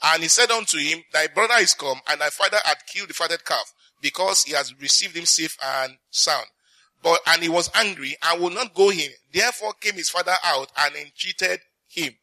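A male preacher with a bright, ringing voice, delivering a sermon with emphatic repetition and questions thrown out to his listeners. He pitches a little higher than most men. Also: normal speed. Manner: emphatic, repeats lines for effect, reads scripture aloud; asks the congregation questions.

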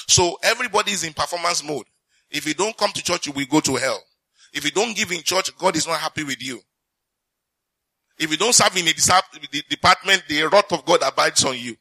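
A man preaching a sermon as pastor, reading scripture slowly and asking the congregation questions he then answers. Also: on the high side, sharp tone, no room sound, low-quality recording. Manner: reads scripture slowly and deliberately.

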